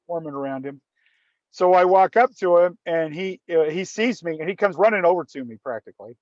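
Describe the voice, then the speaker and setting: A man's voice: fairly high pitch, lively intonation, fairly quick, a little mellow, no echo, dull audio. A man telling a story in casual conversation, often restarting and repeating words. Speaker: guest storyteller.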